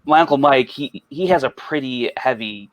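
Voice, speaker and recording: A man's voice: mid-range voice, normal speed, dry recording, lo-fi sound. Rambling man with a mild Chicago accent. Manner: rambling storyteller with many restarts. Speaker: podcast guest. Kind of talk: casual chat.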